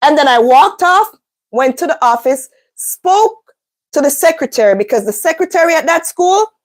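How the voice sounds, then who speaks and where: A woman talks straight to camera in a casual storytime. Her voice sits high for a woman. She tells it with animation, jumping into different voices for each person. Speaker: vlogger, mother of a schoolboy.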